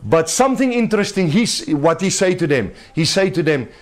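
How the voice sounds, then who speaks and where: A man's voice: high-pitched, very animated, fairly quick. A man preaching a sermon to a small home gathering, in an emphatic, conversational way with a little laughter.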